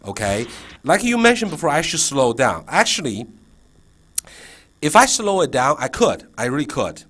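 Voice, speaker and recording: Male trainer, mid-pitch, animated intonation, chatty and coaching, faint background noise. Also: moderate pace. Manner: checks in constantly, many fillers and restarts. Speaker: teacher trainer. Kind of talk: casual training session.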